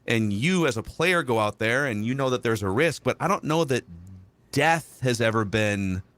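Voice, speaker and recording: A man's voice: mid-range voice, expressive, normal speed, fairly bright tone, no echo. A man hosting a sports podcast, setting up questions in a loose, rambling, self-deprecating way. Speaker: podcast host. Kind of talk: podcast interview.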